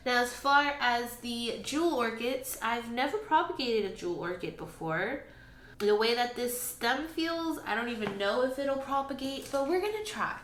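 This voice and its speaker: A woman's voice: a little high, animated, normal speed, fairly bright tone. A woman, chatting casually in a plant vlog and talking to her plants. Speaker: plant vlogger. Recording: echoey room with faint ambient noise.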